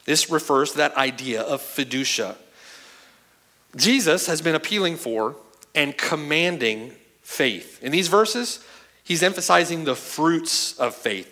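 A man's voice: fairly high pitch, bright, forceful tone. Man preaching a sermon, emphatic, keeps asking "right?" and "okay?", voice jumps all over the place. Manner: emphatic, asks the hearers "right?" and "okay?" often. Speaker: pastor. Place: church sanctuary.

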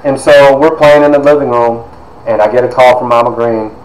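A man in his fifties from Ohio, telling a personal story in an animated way with lots of quoted dialogue and fillers. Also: medium pitch, fairly quick. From Ohio, USA. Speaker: podcast host and author. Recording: echoey room with faint background noise.

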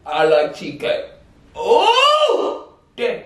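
Playful, teasing woman vlogger with a high voice, recorded from a distance. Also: huge pitch swings, slow, a bit bright, a little hiss or hum. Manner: teasing, playful, laughing a lot, hype chants. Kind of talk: casual challenge banter. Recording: echoey room from far off.

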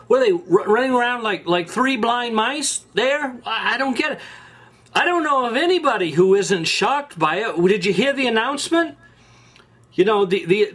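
A man's voice: high voice, a bit bright. A man hosting a show, delivering an angry, sarcastic political rant with repeated restarts and rising outbursts. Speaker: host. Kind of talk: political opinion monologue.

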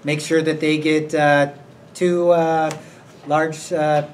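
A man's voice: on the high side, little pitch movement, slow pace. A man on school staff presenting character awards in a casual, unscripted announcement, rambling and hesitant with many fillers. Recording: distant mic with faint noise.

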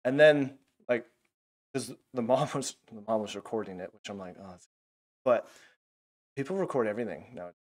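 A man teaching a Bible lesson in a casual, animated way, full of fillers like "like". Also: mid-range voice, moderate pace, long pauses.

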